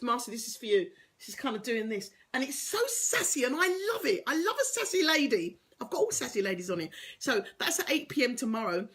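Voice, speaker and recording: Woman, fairly high voice, life coach, casual live-stream chat, playful, teasing, laughs a lot. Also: fairly bright tone, breathy edge. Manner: laughs often. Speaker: life coach and motivational speaker. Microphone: webcam or phone on a live video stream.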